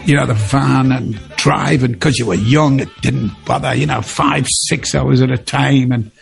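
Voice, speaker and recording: A man's voice: medium pitch, fairly even intonation, moderate pace, vocal fry, faint music behind. A man in his seventies with a Geordie accent, telling stories in a chatty, rambling way and laughing often during an interview. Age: 70s. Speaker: interview guest, singer. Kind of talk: casual interview storytelling.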